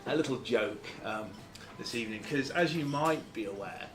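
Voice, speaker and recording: Halting man giving a club talk. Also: medium pitch, expressive, music in the background. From Lancashire, England. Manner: halting, many fillers and restarts. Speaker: guest speaker. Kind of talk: informal club lecture.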